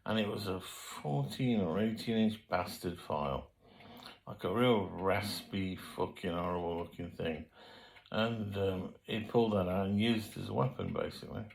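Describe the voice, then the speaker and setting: Gravelly older man reminiscing. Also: low voice, moderate pace, rough recording. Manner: rambling, colloquial, frequent fillers and self-corrections. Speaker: memoir storyteller. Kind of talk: casual spoken memoir.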